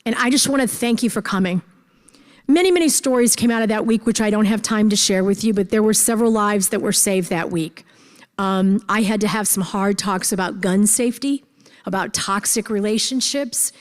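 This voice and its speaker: A woman's voice: medium pitch, moderate pace. A woman giving an earnest personal talk at a conference, repeating phrases for emphasis. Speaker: conference speaker. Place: large conference hall. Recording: echoey hall.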